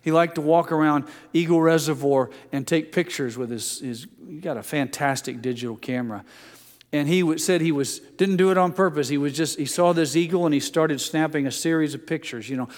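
Older male pastor in a reverberant hall. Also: fairly quick. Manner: gentle storytelling, drops soft and low for quotes. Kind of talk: sermon with personal stories.

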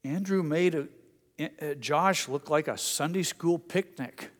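A man's voice: on the high side, measured pace. A middle-aged man preaching a sermon, telling stories and reading scripture in an earnest way. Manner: storytelling, earnest, with Bible readings. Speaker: pastor. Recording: long reverb of a hall.

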